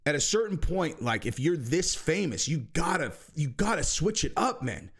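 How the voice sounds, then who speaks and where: A man's voice: on the high side, big pitch swings, moderate pace, vocal fry, breathy edge. Blunt, exasperated male commentary host. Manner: blunt, exasperated, repeats rhetorical questions; jumps to shouting in outbursts. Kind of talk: animated commentary rant.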